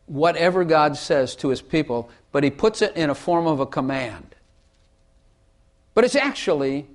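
Emphatic man teaching the Bible. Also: on the high side. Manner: emphatic, repeats phrases for effect; plays with vocal inflection to make points. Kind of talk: casual Bible teaching chat.

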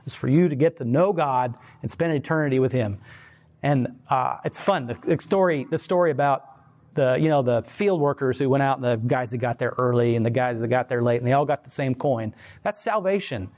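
A man giving a casual, rambling faith talk, animated, laughing often and putting on voices for quoted people. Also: mid-range voice, normal speed. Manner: rambling, many fillers and restarts. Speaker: Christian speaker.

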